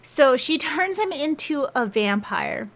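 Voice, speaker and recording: A young woman with a slightly high voice recaps a story in an easy, rambling vlog manner. She chains one clause to the next with "and" and "like," as if talking to friends. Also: big pitch swings, takes it slowly, a bit bright. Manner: chatty, strings clauses with "and" and "like". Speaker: book reviewer. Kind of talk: casual plot retelling.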